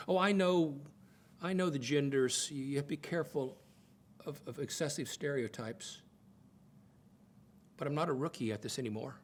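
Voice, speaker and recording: Expressive older man telling a story. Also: moderate pace, pauses often, a little hiss or hum. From United States. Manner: expressive, acts out quotes with swings in pitch and loudness; repeats words when starting phrases. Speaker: speaker teaching on marriage. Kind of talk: sermon-style talk with storytelling.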